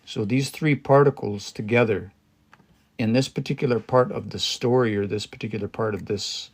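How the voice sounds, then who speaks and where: A man on a casual live stream studying a language as a learner. He thinks aloud, pauses, restarts and reads phrases slowly. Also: fairly low pitch, steady tone.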